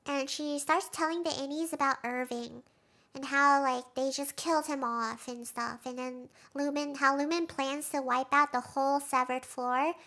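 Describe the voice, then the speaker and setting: A woman streamer casually recapping a show, excitable, laughing often and saying "like" a lot. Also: sits high, moderate pace.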